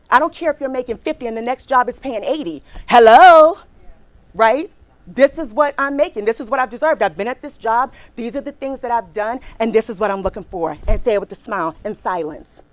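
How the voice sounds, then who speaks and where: A middle-aged woman giving a lively workshop talk on careers to a live audience in a hall, emphatic and repeating her points, often checking in with "right?" and "okay?". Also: on the high side. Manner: acts out quotes with a bright smile in her voice.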